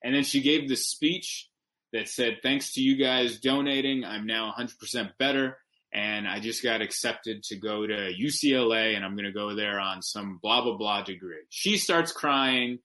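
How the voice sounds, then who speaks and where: A man, a stand-up comedian guest on a podcast, telling a story in casual chat with animated, emphatic delivery and quick self-corrections. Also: on the low side.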